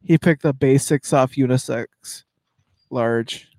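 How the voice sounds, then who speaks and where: A man's voice: mid-range voice, takes it slowly, a little mellow, no room sound, clean studio sound. A man co-hosting a podcast, firing off teasing, jokey replies in casual banter. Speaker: podcast co-host.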